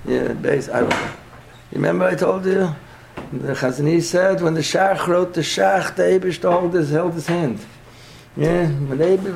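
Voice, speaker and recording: A man's voice: on the high side, moderate pace, gravelly, background noise. A man teaching a Torah class, asking questions and answering them himself. He repeats his points, checks in with a frequent "yeah?", and mixes Hebrew and Yiddish terms into his English.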